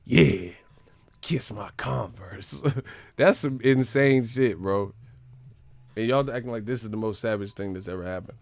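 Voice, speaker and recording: A man's voice: on the low side, moderate pace, no room sound. A man hosting a boxing live stream, ranting profanely and animatedly about the sport. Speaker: boxing channel host.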